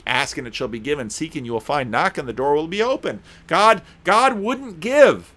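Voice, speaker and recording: A man's voice: mid-range voice, fairly bright tone. A man giving a conversational sermon, reading scripture aloud and breaking off for wry, casual asides, with occasional stumbles and restarts. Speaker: preacher.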